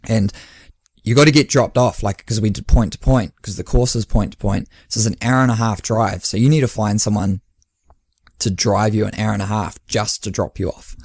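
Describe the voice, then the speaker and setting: A man's voice: fairly low pitch, steady tone, normal speed, no room sound, clean studio sound. A man, hosting a casual podcast and telling stories as a running coach, acting out quoted dialogue. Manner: chatty storyteller who acts out quoted dialogue with laughs.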